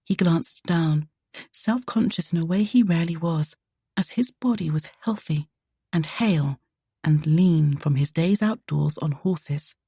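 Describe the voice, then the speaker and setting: A woman reading a romance novel aloud, soft and measured. Her voice is low, mellow and husky, and the recording is close and dry. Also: no echo. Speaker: audiobook narrator. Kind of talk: scripted romance narration.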